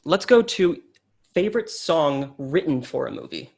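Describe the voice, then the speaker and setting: A man's voice: fairly high pitch, lively intonation, measured pace, vocal fry, darkish tone. A man hosting a casual interview, asking questions in a playful, enthusiastic way. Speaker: interview host.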